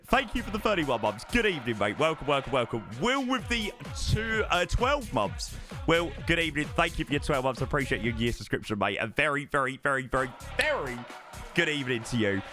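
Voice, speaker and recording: A man's voice: fairly high pitch, very animated, a little fast, over music. A man chatting casually on a live stream, thanking subscribers one by one and swearing now and then. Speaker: flight sim streamer.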